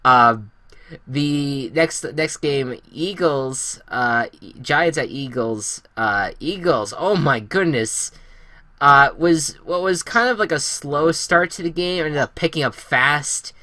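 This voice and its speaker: A man's voice: on the high side, slow pace, sharp tone, dry recording. A man hosting a casual sports podcast, rambling through game recaps with many fillers and restarts. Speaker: podcast host.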